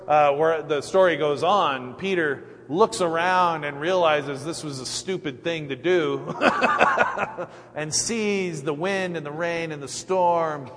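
A man preaching a sermon as pastor, conversational and reflective, pausing often with fillers. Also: fairly high pitch, fairly bright tone. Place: church. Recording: echoey hall, faint hum.

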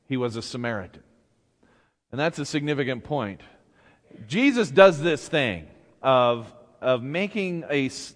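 A man preaching a conversational sermon in a church, animated and casual, acting out the voices in the story and chuckling along the way. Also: mid-range voice. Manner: conversational, animated, acts out shouted quotes, chuckles. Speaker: pastor. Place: church sanctuary. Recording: church hall reverb.

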